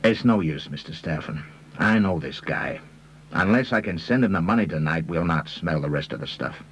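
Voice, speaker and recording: A man's voice: sits low, animated, lo-fi sound, slight background noise. A man putting on a brash slangy American con man. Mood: eager. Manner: fast-talking slangy swagger.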